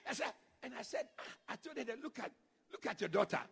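A male pastor preaching a sermon, acting out quotes and shouting lines for emphasis. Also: very high voice, very animated, quick pace, creaky, husky, long reverb tail. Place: church.

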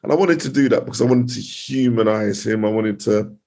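A man with a low, gravelly and husky voice tells a courtroom story as a podcast guest. He talks in a lively, loose way, full of restarts and asides. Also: a little fast. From United Kingdom. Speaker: criminal barrister, podcast guest. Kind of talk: casual interview storytelling.

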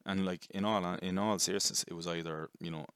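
A man giving a casual, rambling movie review, chatty and quick to swear. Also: deep voice, steady tone, a bit bright, smooth, dry recording. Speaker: film reviewer.

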